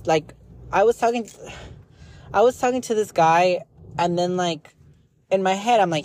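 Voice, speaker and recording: A woman's voice: sits low, normal speed, darkish tone. Rambling, blunt young woman vlogging. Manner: rambling and blunt, full of "like" fillers; emotional, confessional. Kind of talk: candid personal vlog.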